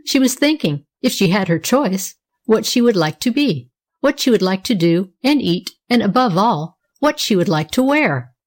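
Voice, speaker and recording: A woman narrating a children's story in a gentle, even reading manner. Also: medium pitch, moderate pace.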